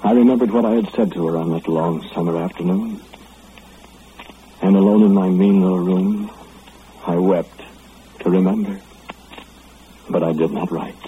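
An actor playing a remorseful young lawmaker who narrates his lovesick memories in a measured, solemn old radio drama. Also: low voice, steady tone, close to an everyday voice. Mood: wistful. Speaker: narrator and lead character. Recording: phone-like old radio recording, faint hiss.

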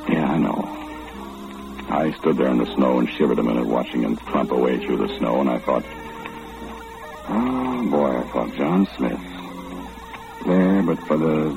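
An actor in an old-time radio drama playing an easygoing working man who tells his story in a folksy, relaxed way. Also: very deep voice, creaky, exaggerated voice. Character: easygoing middle-aged working man narrating his tale. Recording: dull lo-fi old radio recording with hiss.

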